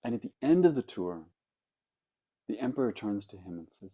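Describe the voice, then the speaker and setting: A man, a Zen teacher, giving a dharma talk, telling stories in a reflective way with pauses. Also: on the low side, very animated, dark tone, husky.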